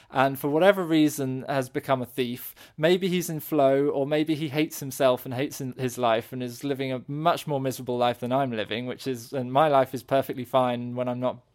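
A man's voice: mid-range voice, a little mellow. A man in casual podcast chat, thinking aloud and searching for his words. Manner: thoughtful, searching for words, many restarts.

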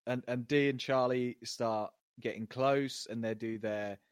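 A man's voice: medium pitch, measured pace, clear, resonant tone, no echo. A man in laid-back conversation, recalling favourite scenes from a TV show and quoting lines. His voice sits in an ordinary middle range, captured close and dry. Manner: relaxed, quotes lines from the show, laughs often. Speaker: podcast co-host. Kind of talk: casual chat recapping a TV episode.

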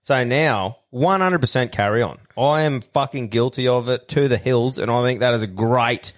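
A young Australian man hosts a beers-and-banter podcast, swearing freely as he tells stories. His voice sits at an ordinary middle pitch, and he talks like one of the lads. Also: normal speed. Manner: laddish, sweary, laughing storyteller. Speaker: podcast host. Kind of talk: casual chat.

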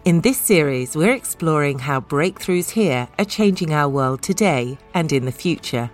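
A woman narrating a feature in a measured, polished, scripted way. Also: deep voice, expressive, soft background music.

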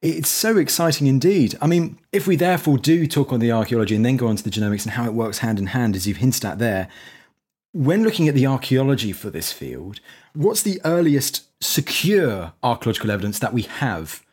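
A man's voice: mid-range voice, animated, a little fast, a little mellow, breathy edge. A man hosting a history interview, asking questions in an enthusiastic, effusive way. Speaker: podcast host.

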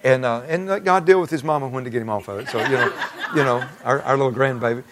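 A man's voice: medium pitch, fast, noisy background. An older man, a pastor, preaching a storytelling sermon in a church in a conversational way, with chuckling asides to the congregation. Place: church sanctuary.

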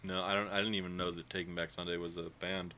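Bright-voiced sarcastic man bantering. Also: deep voice, quick pace. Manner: sarcastic, deadpan jokes with frequent laughter. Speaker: podcast co-host. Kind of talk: casual podcast banter.

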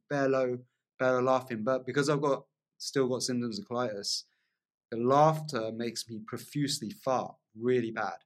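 A man telling a long personal story as a podcast guest, in a lively casual way, often asking "right?" along the way. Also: mid-range voice. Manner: animated storyteller, frequent "like" and "right?" tags.

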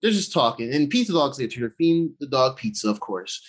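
A man co-hosting a casual chat show, recapping an episode in a loose, profane way, jumping between his own voice and quick acted-out paraphrases of characters. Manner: animated pitch swings, excitable. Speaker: podcast co-host recapping episodes.

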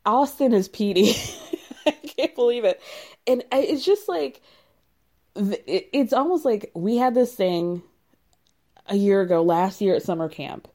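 A woman's voice: medium pitch, expressive, a little slow, pauses often, warm tone. A woman hosting a podcast, chatting casually through a reality show recap, laughing often and saying "like" a lot.

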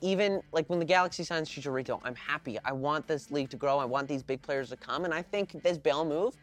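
A man's voice: a little high, fast talker, fairly bright tone, faint music behind. A man hosting a sports podcast, talking in a casual, enthusiastic and fired-up way. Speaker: podcast host and fan.

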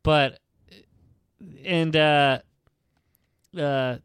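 A man's voice: fairly high pitch, steady tone, very slow, fairly bright tone, smooth, no room sound. Rambling, filler-heavy casual man. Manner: rambling, profane retelling full of fillers. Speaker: podcast host retelling a book. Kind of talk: casual chat.

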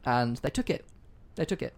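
A man's voice: mid-range voice, big pitch swings, normal speed, vocal fry. A man hosting a casual history podcast, telling the story in a loose, sweary, joking way. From not American. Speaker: podcast host.

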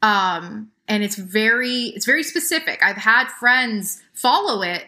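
A woman's voice: fairly high pitch, lively intonation, measured pace, bright, forceful tone. A woman in her thirties chatting casually as a podcast guest, rambling with many restarts. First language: English. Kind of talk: casual chat.

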